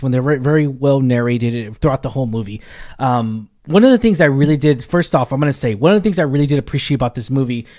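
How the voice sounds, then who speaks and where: A man's voice: mid-range voice, a little mellow. A man hosting a casual movie review chat, rambling and enthusiastic, with many fillers and restarts.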